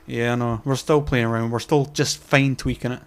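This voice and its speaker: A man's voice: mid-range voice, fairly even intonation, brisk. A young Scottish man co-hosting a podcast in casual, wry and teasing chat, swearing freely. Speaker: podcast co-host.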